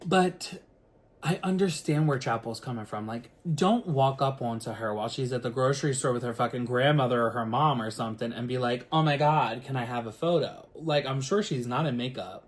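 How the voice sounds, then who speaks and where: A man, a singer, telling a story to the camera in a casual, animated way, full of filler words and the odd swear word. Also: mid-range voice, brisk.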